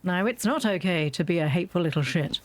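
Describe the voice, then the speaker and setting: With a lowish, animated voice and a quick pace, a woman from Britain delivers casual gameplay commentary. She is a YouTuber who rants bluntly and swears without holding back while she plays.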